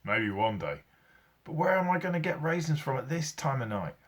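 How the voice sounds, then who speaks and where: A man voicing a brave, eager young schoolboy in a read-aloud story, talking in a raised, excited voice. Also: mid-range voice, moderate pace, breathy edge, voice pushed up.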